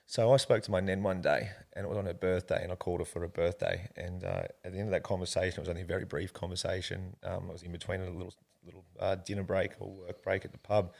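Very low and rough-edged, with a darkish tone, this Australian man's voice carries a long personal story he shares as a guest in a casual interview. He talks fast with few pauses and fairly even intonation, earnest and rambling, frequently addressing the host as "mate."

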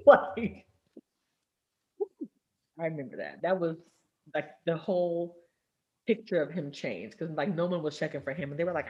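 Storytelling woman, lower voice, muffled recording. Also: a little slow, pauses often. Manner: animated storytelling, laughs often, does voices in quotes. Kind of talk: casual chat.

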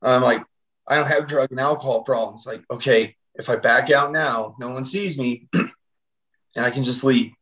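A man's voice: medium pitch, steady tone, normal speed, bright, forceful tone, low-quality recording. A man in his thirties, a podcast guest telling his personal story in a loose, rambling way full of fillers. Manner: rambling storytelling with many fillers like "you know" and "like". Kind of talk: personal testimony in casual conversation.

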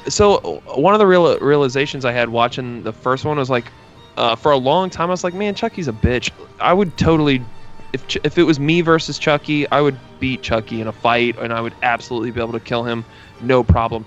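A man in a casual chat who tells movie scenes in a rambling, animated way full of fillers and asides. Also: mid-range voice, brisk, muffled recording, faint music behind.

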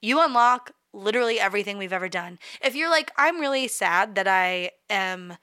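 A woman's voice: medium pitch, animated, moderate pace, bright, forceful tone, clear, resonant tone, no echo, studio quality. A young woman co-hosting a podcast, chatting casually, rambling and swearing freely. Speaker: podcast co-host. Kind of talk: casual chat.

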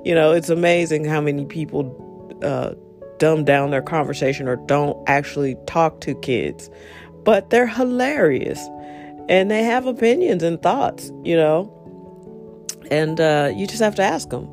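Rambling storyteller over soft guitar. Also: medium pitch, unhurried. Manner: rambling, many fillers and asides; animated when retelling exchanges. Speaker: monologue speaker. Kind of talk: casual storytelling and advice.

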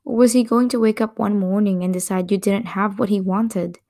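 Gravelly-voiced woman reading fan fiction. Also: medium pitch, steady tone, moderate pace. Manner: soft, breathy storytelling with whispered stretches. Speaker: podcast host.

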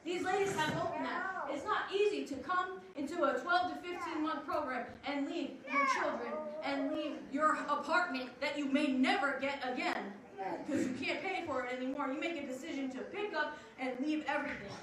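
A woman from Long Island, New York giving an earnest, emphatic spoken testimony to a congregation, with drawn-out pauses. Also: high voice. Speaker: program assistant director giving testimony. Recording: very echoey hall, distant, noisy.

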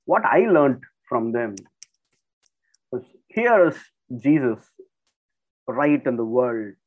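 A man's voice: medium pitch, very animated, takes it slowly. A man in a middle register leads a casual Bible teaching, retelling each story in a loose, conversational way with plenty of fillers. The sound is narrow and tinny, like a voice coming through a phone. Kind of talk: informal Bible teaching talk.

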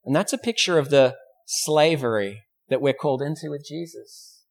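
A man's voice: on the high side, normal speed, breathy edge. Man preaching a story-driven sermon. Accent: Australian. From Australia. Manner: storytelling preacher, acts out quoted voices; asks rhetorical questions. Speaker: pastor. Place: church.

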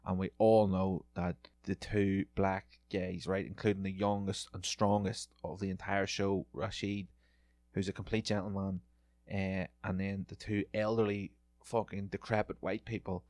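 A man's voice: sits low, level tone, measured pace, darkish tone, dry recording, clean studio sound. A man hosting a podcast, delivering a rambling, profane, sarcastic comedic rant on his own. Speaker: podcast host.

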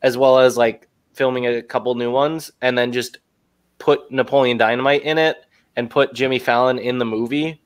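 A young man chats casually on a podcast, retelling movie scenes and dropping into quick impressions. His voice sits in a middle register and is recorded dry and close, with no room sound. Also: mid-range voice, steady tone, clear, resonant tone, no room sound. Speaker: podcast co-host. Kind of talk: casual chat.

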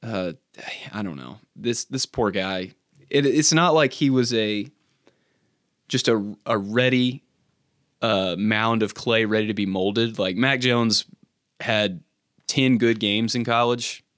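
A man's voice: fairly low pitch, slow pace, fairly bright tone, no room sound. A man co-hosting a sports podcast, reading a punny recap, then chatting with fillers and restarts. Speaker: podcast co-host. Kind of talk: casual sports chat with scripted recap.

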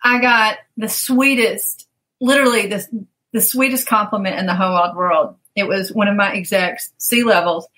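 A woman's voice: medium pitch, fairly even intonation, moderate pace, sharp tone, poor audio. A woman coach telling stories in a casual interview, animatedly acting out the people she quotes and laughing often.

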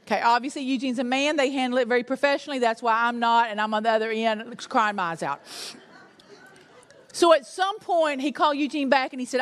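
Animated woman preaching. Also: a little high, brisk, big-room sound. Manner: animated storytelling, laughs at herself. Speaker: pastor's wife and preacher. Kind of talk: sermon with personal story.

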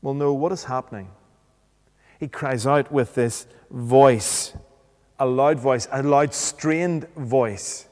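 A man preaching a sermon, speaking deliberately and posing rhetorical questions. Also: medium pitch, a little mellow. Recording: long reverb of a hall.

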